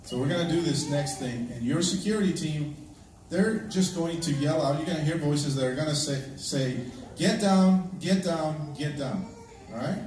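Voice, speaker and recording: Man talking in a booming, echoey hall. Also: brisk, a little mellow. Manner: conversational, checks in often with the audience. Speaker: church elder leading a security drill. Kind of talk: addressing a congregation. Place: large echoey church hall, indoors. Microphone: distant livestream device. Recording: very echoey, distant, noisy live stream.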